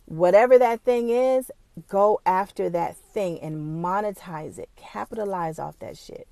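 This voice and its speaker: Lady vlogging about running her business, warm low-key tone, cusses a lot, gets teary. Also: a little slow, vocal fry, no echo. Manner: emotional, fighting back tears; blunt, casual, swears freely. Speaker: small business owner. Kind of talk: casual motivational talk to camera.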